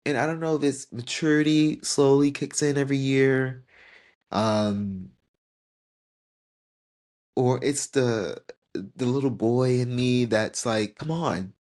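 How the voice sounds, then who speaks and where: A man's voice: medium pitch, slow, pauses often, darkish tone. A man in his twenties hosting a podcast, talking heartfelt and tearful about turning another year older. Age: 20s. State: tearing up. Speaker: podcast host. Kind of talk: emotional personal reflection.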